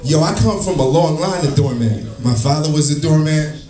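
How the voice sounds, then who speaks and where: A man doing a profane, animated stand-up comedy set on a club stage, acting out the people in his stories. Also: a little high, normal speed. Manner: profane, animated, acts out characters. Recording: echoey live room, distant, music behind.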